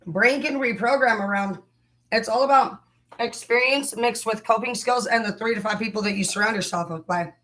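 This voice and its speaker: Young female livestream host with a bright tone, rambling and cursing. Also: on the high side, moderate pace, poor audio. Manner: profane, heated, rambling. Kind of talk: casual livestream rant.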